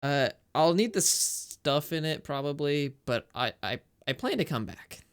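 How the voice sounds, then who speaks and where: A man's voice: a little high, big pitch swings, unhurried, clean tone. A man joking around as a player in a tabletop game. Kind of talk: casual tabletop game play.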